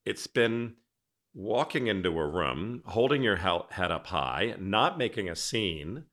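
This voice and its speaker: A man's voice: fairly low pitch, big pitch swings, a little slow, fairly bright tone. A man hosting a podcast interview, telling rambling stories in a casual, chatty way. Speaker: podcast host.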